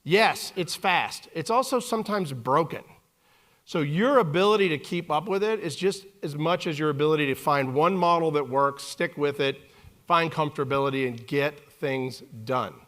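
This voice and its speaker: A man in his forties giving a live keynote talk on a conference stage, animated and joking with the audience. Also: on the high side, moderate pace. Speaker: keynote speaker.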